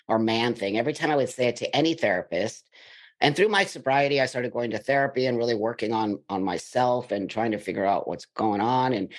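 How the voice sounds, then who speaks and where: A middle-aged man from the United States, a podcast guest, telling his life story in blunt, emphatic conversation. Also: fairly low pitch. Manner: emphatic, blunt, animated in retelling.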